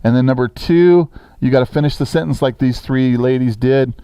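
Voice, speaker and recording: A man's voice: medium pitch, normal speed, warm tone, clean tone, dry recording. A man teaching a sixth grade grammar lesson in a classroom, talking casually and checking in with the students often.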